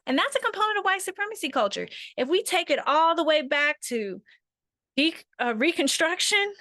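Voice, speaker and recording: A woman's voice: very high-pitched, sing-song, moderate pace, pushed and bright, dry recording, studio quality. A woman facilitating an online workshop over a video call, talking conversationally and often checking in with her listeners.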